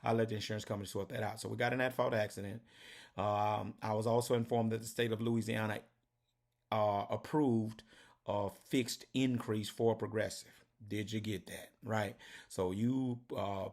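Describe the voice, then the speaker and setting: A man's voice: on the low side, a little mellow. A man talks through his trucking business costs in a casual vlog. His manner is folksy and direct, and he keeps checking in with his viewers. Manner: folksy, repeats "right?" and "did you get that?".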